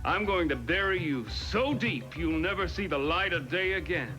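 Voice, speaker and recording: A man's voice: on the high side, animated, normal speed, over music, lightly acted, low-quality recording. An actor playing a pompous, wordy, haughty man in a soap opera. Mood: indignant.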